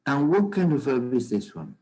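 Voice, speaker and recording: A man teaching a grammar class in a measured lecture, often checking understanding with "okay?" and "right?". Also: medium pitch, wildly swooping pitch, mellow, poor audio.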